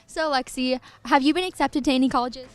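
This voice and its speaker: A teenage girl field reporter quickly interviewing classmates in a cheerful manner. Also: high-pitched. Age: teens.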